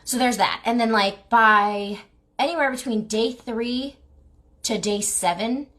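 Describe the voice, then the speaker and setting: A fairly high-voiced woman gives blunt, casual advice straight to her viewers. She speaks with animated exasperation, fires off rhetorical questions and fills her talk with "like" and "right?". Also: a little slow. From New Jersey, United States. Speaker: clinic owner and lymphatic massage therapist. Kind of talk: casual talking-head advice video.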